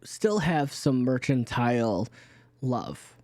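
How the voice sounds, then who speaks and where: A man's voice: mid-range voice, very animated, slow pace, a little mellow, no echo. A man narrating as game master of a tabletop game, rambling with frequent restarts. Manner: rambling, many fillers and restarts.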